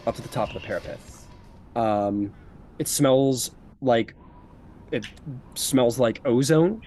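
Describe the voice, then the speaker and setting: Casual game master, faint music behind. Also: male voice, medium pitch, slow, a little mellow. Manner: loose, casual narration with many fillers. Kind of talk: narrating a tabletop game. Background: faint background music.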